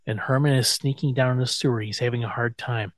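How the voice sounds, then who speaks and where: A man co-hosting a podcast, casually recapping an episode in an animated, profane storytelling way. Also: medium pitch, fairly quick, no echo. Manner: animated storyteller, acts out quotes, swears freely. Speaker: podcast co-host.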